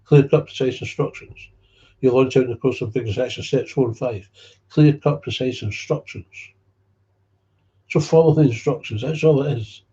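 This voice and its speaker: A man's voice: medium pitch, steady tone, brisk, warm tone. A man with a Scottish accent giving a blunt, heated personal talk about recovery, swearing freely. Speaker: speaker on recovery. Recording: dull lo-fi recording.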